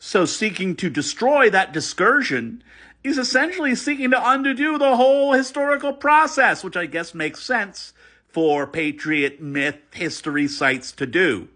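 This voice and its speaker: A man talks through a response commentary in a high, bright voice. His pitch swings widely, and he is emphatic and earnest, doubling back on his words as he pushes his point. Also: unhurried. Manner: animated and emphatic, with restarts; earnest, critical. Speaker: video commentator.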